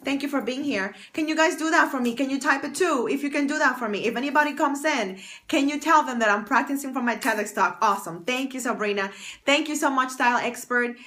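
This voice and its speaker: Woman livestream host, bright forceful voice, fairly high, chatty, bubbly, greets viewers by name. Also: fast. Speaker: fashion stylist and confidence coach, livestream host. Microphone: external mic on phone stream.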